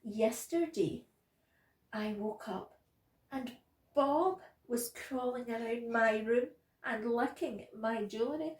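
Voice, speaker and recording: A woman who works at a nursery, reading a picture book aloud to young children in a gentle, expressive way. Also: a little high, slow pace, roomy sound, far from the mic, low-quality recording. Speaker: nursery practitioner.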